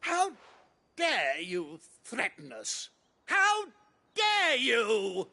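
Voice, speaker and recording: Arrogant nobleman villain, high and bright, slow sneering delivery, wide swings. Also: huge pitch swings, exaggerated voice. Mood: furious. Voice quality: haughty, theatrical, sneering. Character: arrogant cruel nobleman, middle-aged man. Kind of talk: video game voice acting.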